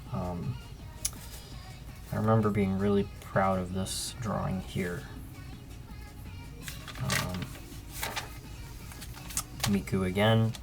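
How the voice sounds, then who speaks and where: A young man in his own casual commentary as he pages through an old sketchbook, relaxed and rambling with frequent ums. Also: on the low side. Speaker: artist and channel host.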